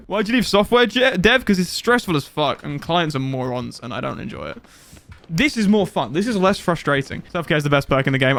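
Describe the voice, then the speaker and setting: A young man commentating his live game stream in a high, bright voice. He rants in exasperation and his pitch swoops all over the place, jumping into sudden high outbursts.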